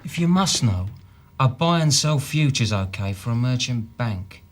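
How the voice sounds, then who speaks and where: A man's voice: medium pitch, expressive, measured pace, natural voice. An actor playing an evasive male city trader with a Cockney accent, a suspect answering police questions defensively.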